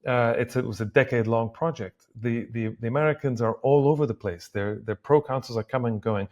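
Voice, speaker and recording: A man co-hosting a discussion podcast from a remote call, talking in a halting way with many restarts. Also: mid-range voice, a little mellow, dull audio. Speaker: podcast co-host. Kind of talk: casual discussion. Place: Beirut, at a university.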